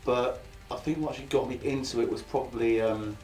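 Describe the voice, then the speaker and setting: A man's voice: medium pitch, steady tone, fairly quick, darkish tone, faint music behind. A man in his thirties, co-hosting with crude, laid-back banter and laughing asides. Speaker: co-host. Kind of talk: casual banter. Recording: echoey room, far from the mic.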